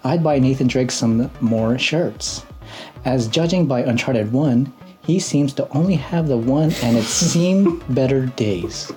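A man's voice: mid-range voice, a little slow, dark tone, soft background music. A man co-hosting a gaming podcast, reading a listener's letter aloud in casual chat. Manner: reads listener letters aloud, laughs often. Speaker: podcast co-host.

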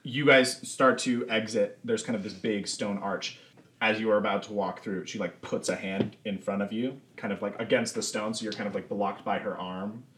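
A man narrating as game master in a tabletop game, relaxed and full of fillers. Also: fairly low pitch, normal speed, a little hiss or hum.

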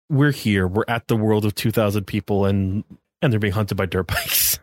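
A man's voice: lowish voice, moderate pace, no room sound. Wry rambling man, dry sound. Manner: rambling, filler-heavy, wry. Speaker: podcast co-host. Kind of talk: casual podcast discussion.

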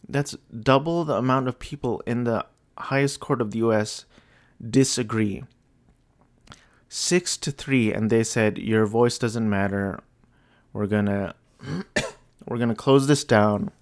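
A young man talking alone on his show, hesitant and apologetic, sounding low and despondent with many restarts. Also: no room sound. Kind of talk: rambling solo commentary.

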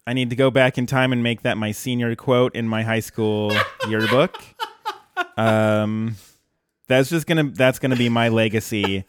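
A man's voice: mid-range voice, fairly even intonation, normal speed, a little hiss or hum. A man co-hosting a podcast, chatting casually about a cartoon episode, enthusiastic and often laughing. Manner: enthusiastic, laughs often, quotes lines with a grin. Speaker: podcast co-host.

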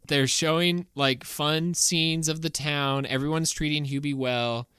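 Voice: mid-range voice, fairly even intonation, measured pace, fairly bright tone, smooth, no room sound, studio quality. A podcast co-host in casual chat, animatedly retelling scenes and acting out the quotes.

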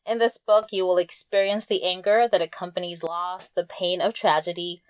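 A woman's voice: lowish voice, level tone, clean tone, no echo. Earnest woman reviewing a book. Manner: earnest, reflective, reads quotes slowly. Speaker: book podcast host. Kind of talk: book review with read-aloud passages.

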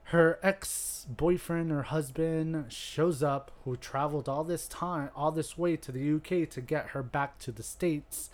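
A man's voice: on the high side, measured pace. A man co-hosting a podcast, animatedly recapping a horror movie plot at a podcast microphone in casual chat. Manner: animated storyteller, laughs easily. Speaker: podcast co-host.

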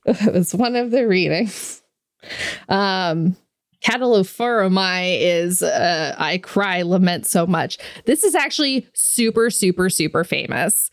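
Slow-talking woman podcast co-host. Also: fairly low pitch, animated, no room sound, studio quality. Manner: chatty, filler-heavy, laughs often. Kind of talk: casual chat and reading lore aloud.

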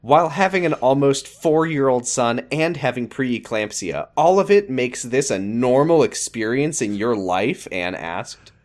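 A man co-hosting a comedy podcast, reading fan fiction aloud and bantering, animated and quick to laugh. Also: mid-range voice. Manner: animated, slips into mock voices and laughs often.

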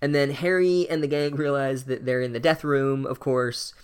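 Man, sarcastic, swearing, ranting comedic book recap, middle pitch. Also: steady tone, moderate pace, clean tone.

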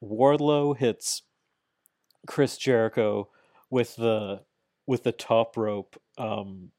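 A podcast co-host chats casually while recapping wrestling, animatedly retelling events, acting out quotes, and swearing now and then. His mid-range voice has a darkish tone and fairly even intonation, and he speaks extremely slowly. The recording is dry, with clean studio sound.

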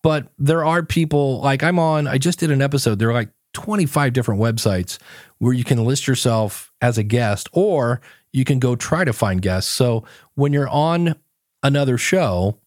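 A man's voice: medium pitch, normal speed, no room sound, clean studio sound. A man guesting on a podcast, telling stories in a casual chat and acting out his own quotes.

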